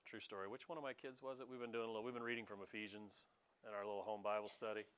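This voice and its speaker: A man preaching a conversational sermon as pastor, animated and dramatizing, talking straight to his congregation. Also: on the low side, racing, clear, resonant tone.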